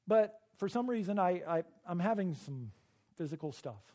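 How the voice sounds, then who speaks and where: A middle-aged man preaching a sermon, earnest and emotional, often halting and repeating words. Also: sits high, animated, mellow. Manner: earnest and personal. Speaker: pastor.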